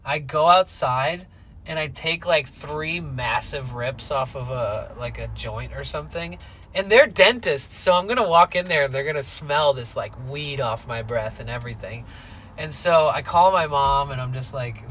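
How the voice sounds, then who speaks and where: A man in his thirties vlogging outdoors on a hike, telling a long story in a casual, animated way and swearing freely. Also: mid-range voice, a little hiss or hum, rough recording. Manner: animated, swears freely, quotes people in rapid bursts. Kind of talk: casual storytelling while hiking. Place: outdoors on a coastal trail.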